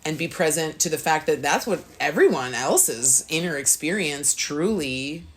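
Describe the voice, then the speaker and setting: Low-voiced woman telling a spiritual story. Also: expressive, measured pace, a little hiss or hum. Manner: earnest storytelling, acts out her own thoughts in a higher voice. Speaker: podcast co-host. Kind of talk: casual spiritual chat.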